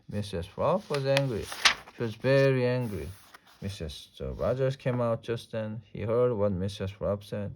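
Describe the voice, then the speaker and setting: A man reading a children's picture book aloud at a steady, gentle pace. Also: mid-range voice, measured pace, a little hiss or hum. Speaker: storyteller.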